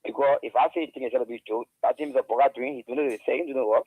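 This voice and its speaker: A man calls in to a radio talk show, his medium-pitched, slightly rough voice rapid-fire and steady in tone. He argues heatedly, repeating words to push his point and rising to shouts, heard over a dry, tinny phone line.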